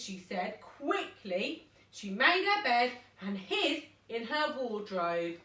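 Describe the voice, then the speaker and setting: A woman reading a bedtime story to her children in a playful, animated way, stopping to chat with them. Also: mid-range voice, slow. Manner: animated and playful, chatting with the kids. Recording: echoey room, mic far off.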